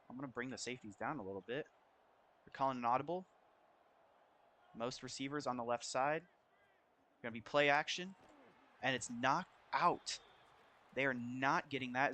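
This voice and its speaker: With slight background noise, a medium-pitched young man chats casually through his football video game, calling plays quietly so his roommates at their shared home aren't bothered. He's a college-age gameplay commentator whose excitement spikes with big plays.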